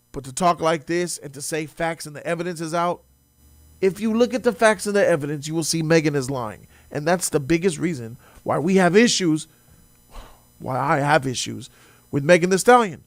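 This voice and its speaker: Male commentary host, high voice, dry close sound, animated, mocking. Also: fairly quick, no echo. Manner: animated, mocking, swings loud and quiet. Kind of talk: reaction commentary.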